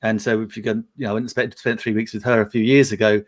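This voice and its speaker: A man's voice: fairly low pitch, level tone, fast talker. Chatty Englishman telling anecdotes. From England. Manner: chatty anecdotal storyteller, laughs often. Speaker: panel guest. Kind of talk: casual chat.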